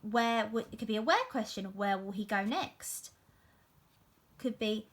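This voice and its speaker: A woman teaching young children in a recorded reading lesson, her high voice bouncing up and down. She sounds bright and keeps up an encouraging, sing-song classroom manner. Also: animated, measured pace, pauses often. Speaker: primary school teacher. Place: home.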